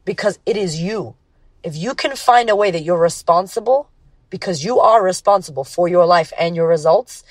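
A woman's voice: lowish voice, no echo. A woman hosting a podcast, talking casually in a blunt, emphatic way with frequent swearing. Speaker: podcast host. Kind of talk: casual motivational podcast monologue.

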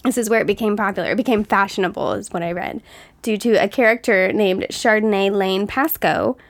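A woman's voice: medium pitch, brisk, no room sound. A woman co-hosting a casual chat, telling stories in a chatty way and laughing often. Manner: giggly, chatty storyteller. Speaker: co-host.

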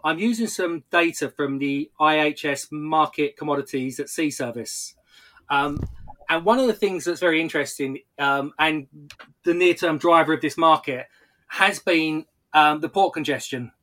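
A man giving technical market analysis on a podcast, explaining in a measured way with occasional stumbles and restarts. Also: on the high side, sharp tone.

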